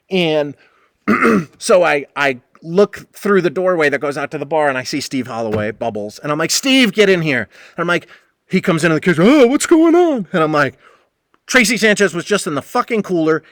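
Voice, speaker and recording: A man's voice: medium pitch, pushed and bright, no room sound, studio quality. A man hosting a podcast, telling a long rambling story in a casual, profane way and acting out the exchanges he quotes. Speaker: podcast host.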